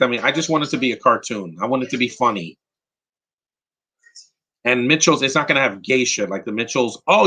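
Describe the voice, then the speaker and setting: Opinionated man from New York, bright voice. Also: mid-range voice, poor audio. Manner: opinionated and rambling, with frequent restarts. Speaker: podcast host. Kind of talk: live movie commentary, answering chat questions.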